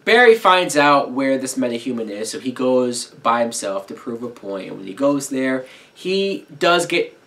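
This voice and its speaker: A young man giving a casual, enthusiastic spoken review of a TV episode, joking and throwing in quick asides. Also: medium pitch, sing-song, fairly bright tone.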